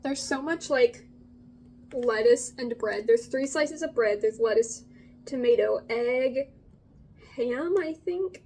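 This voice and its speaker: A young woman vlogging about food in a casual, gushing, excitable way, with drawn-out exclamations. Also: high-pitched, slight background noise, poor audio.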